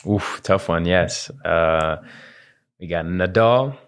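A man with a very low, deep voice co-hosts a podcast. He talks in an easygoing, joking way, hesitating often and hedging his points. His chat is relaxed and unpolished. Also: slow, clean tone. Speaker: podcast co-host.

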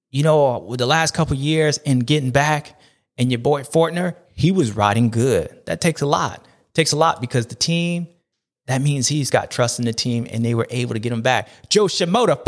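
A man's voice: a little high, a bit bright. A man hosting a race recap show, riffing in playful slang and repeating his catchphrases. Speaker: host of a supercross recap show. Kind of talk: animated casual commentary.

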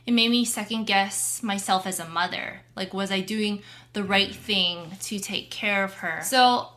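A woman's voice: medium pitch, unhurried, a bit bright. A young adult woman co-hosting a podcast, candid and open in casual chat. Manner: open, candid, laughs between thoughts. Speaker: podcast co-host.

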